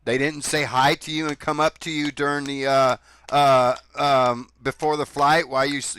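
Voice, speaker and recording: A man's voice: mid-range voice, fairly bright tone, a little hiss or hum. A man giving critical commentary between clips, scornful and sarcastic.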